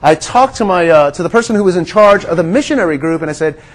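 Preaching a sermon in a high voice, this man sounds earnest and conversational, addressing listeners like friends. He speaks expressively and quickly, dropping almost to a whisper on quiet lines before raising his voice to press a point.

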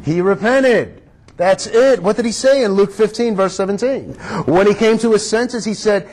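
A man's voice: high voice, normal speed, a little mellow. A man pastor preaching a sermon, emphatic and drawing his congregation into call-and-response.

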